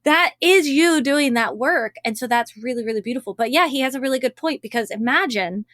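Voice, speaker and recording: Woman coach, slightly high voice, affirming and encouraging, dry close sound. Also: a little fast, a bit bright, no room sound. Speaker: relationship coach, host. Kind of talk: coaching conversation.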